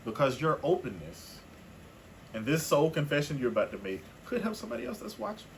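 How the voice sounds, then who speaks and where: A man co-hosting a podcast in relaxed, playful chat, often laughing. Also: on the high side, a little fast, gravelly, slight background noise. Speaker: podcast co-host. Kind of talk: casual chat.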